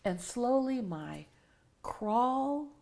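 A woman's voice: fairly high pitch, lively intonation, extremely slow, gravelly, darkish tone. A woman in her forties, a motivational speaker telling a personal story as an interview guest, earnest and emotional, sometimes dropping to a near-whisper.

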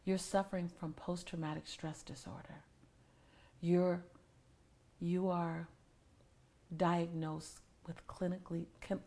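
Low husky woman in her 40s, guest on an interview, earnest, slips into soft whispers. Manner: earnest and emotional, dropping to near-whispers. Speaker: motivational speaker. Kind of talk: interview guest telling a personal story.

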